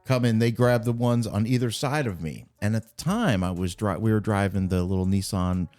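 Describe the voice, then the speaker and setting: A man's voice: lowish voice, moderate pace, soft background music. A man telling funny personal anecdotes as a podcast guest, acting out the voices of people in his stories. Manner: animated anecdote-telling with acted quotes. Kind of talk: casual storytelling.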